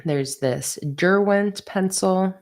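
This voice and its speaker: A woman's voice: mid-range voice, takes it slowly, darkish tone. A woman livestreaming as she designs stickers, chatting casually and reading viewer comments aloud with easy laughs. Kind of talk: casual livestream chat while drawing.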